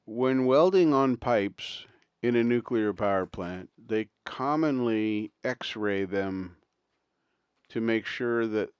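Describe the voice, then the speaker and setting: A man hosts his own livestream, drifting through a long, rambling story and chuckling along the way. His voice sits on the low side and comes across smooth and clean. The sound is dry and close, with no room ring. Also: dry recording, dull audio. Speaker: livestream host. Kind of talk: casual storytelling chat.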